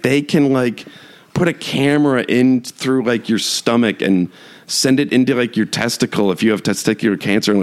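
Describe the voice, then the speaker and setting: Rambling man in a casual rant. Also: medium pitch. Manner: rambling, lots of "like" fillers and restarts, laughs while talking; mocking, exasperated rant. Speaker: podcast host. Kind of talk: casual solo chat.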